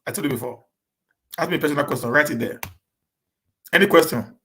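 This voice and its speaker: A man with a Nigerian accent chatting casually to his live-stream viewers, talking quickly and often repeating and restarting words as he mixes in pidgin. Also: on the high side, fairly bright tone. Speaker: live-stream host answering viewer questions.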